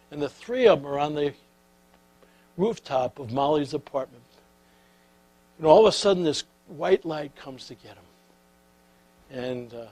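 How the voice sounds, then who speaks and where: A man telling stories to an audience and drawing life lessons, in an animated way that grows soft and intimate, often filling pauses with "uh". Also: mid-range voice, slight background noise, rough recording. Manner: animated storyteller who turns soft and intimate; filler-heavy, with repeated "uh". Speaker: speaker. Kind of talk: storytelling talk.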